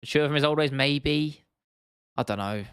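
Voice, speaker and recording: Guy on a livestream, smooth clear voice, rambly and sweary, dry sound. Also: fairly high pitch, a little slow, no room sound. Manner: rambling, swears freely, lots of restarts and fillers. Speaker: MMA livestream host. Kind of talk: casual livestream chat, reading out viewer comments.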